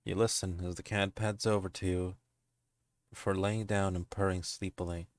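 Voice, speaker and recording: Deep-voiced man reading a game aloud. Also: flat delivery, moderate pace. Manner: breaks into giggles and profane asides. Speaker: streamer.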